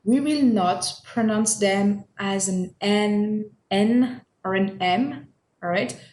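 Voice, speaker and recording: A woman's voice: medium pitch, takes it slowly, darkish tone. Patient woman teaching, roomy echo. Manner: patient, repeats sounds and checks in with "all right?". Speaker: French teacher. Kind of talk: recorded language lesson. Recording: echoey room.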